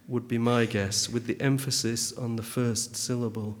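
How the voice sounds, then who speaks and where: A man reading a literary critique aloud in a measured, dry, pedantic manner. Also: medium pitch, little pitch movement. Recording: long hall reverb.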